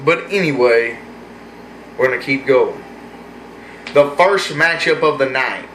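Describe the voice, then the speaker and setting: A man rambling through an opinionated, excitable casual review of a wrestling show. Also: medium pitch, echoey room, a little hiss or hum. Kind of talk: casual solo review vlog.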